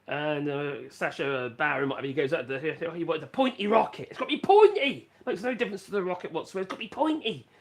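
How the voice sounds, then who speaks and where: Man, Norfolk accent, middle-aged, slightly high voice, casual rambling live-stream chat. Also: quick pace, hardly any pauses, a bit bright. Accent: Norfolk English. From England (Norfolk). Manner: rambling, chatty, self-mocking, reads chat aloud. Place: rural home in France.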